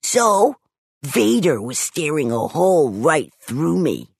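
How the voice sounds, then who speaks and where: A narrator voicing Stink, an eager, whiny young boy, in a high, excited, insistent voice. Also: takes it slowly, vocal fry, slightly rough, no room sound, studio quality, full character voice.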